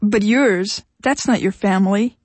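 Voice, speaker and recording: A woman's voice: medium pitch, a little slow, darkish tone, no echo, lightly acted. A woman voicing a desperate, pushy husband who pleads and insists, his voice cracking, in an audiobook reading. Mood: insistent. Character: desperate, pushy, tearful husband, grown man.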